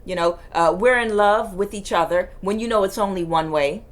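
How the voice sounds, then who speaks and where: A woman reading tarot cards in a forceful, emphatic way that can sound like yelling, repeating her phrases for emphasis. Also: mid-range voice, normal speed. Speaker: tarot reader.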